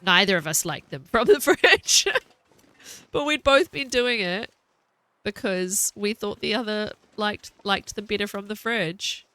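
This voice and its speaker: A woman's voice: mid-range voice, lively intonation, measured pace, sharp tone, slight background noise. A woman in her thirties with a New Zealand accent, chatting casually and laughing while streaming a game. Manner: chatty, rambling, laughs often.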